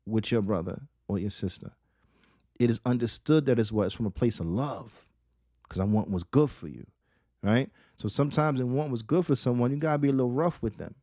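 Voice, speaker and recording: A man giving a religious lesson, asking rhetorical questions, repeating key phrases and reading Arabic quotations quickly. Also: medium pitch, darkish tone, no room sound, studio quality. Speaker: Islamic teacher.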